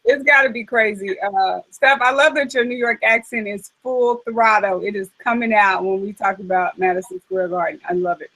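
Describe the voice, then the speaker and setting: A woman hosting a casual chat, talking in a chatty, animated way with frequent fillers. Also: mid-range voice, normal speed, hardly any pauses, poor audio. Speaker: host.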